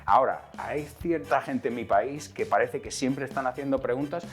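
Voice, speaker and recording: A man's voice: medium pitch, fairly quick, hardly any pauses, faint music behind. A man hosting a bilingual English lesson, explaining with lots of energy and acting out example lines, switching between English and Spanish. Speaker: English teacher and host.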